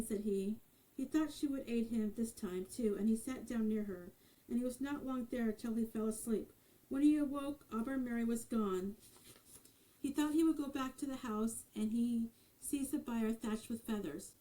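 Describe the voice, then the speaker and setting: Mellow-voiced woman reading a fairy tale. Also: fairly high pitch, poor audio. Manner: measured, expressive reading. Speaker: storyteller. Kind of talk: storybook narration.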